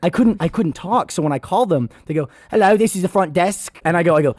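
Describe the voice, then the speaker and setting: A man from Texas telling stories on a podcast in a casual, animated way, swearing freely and acting out voices. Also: sits high, fast talker, few pauses, no echo, studio quality. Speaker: podcast regular. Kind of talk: casual storytelling.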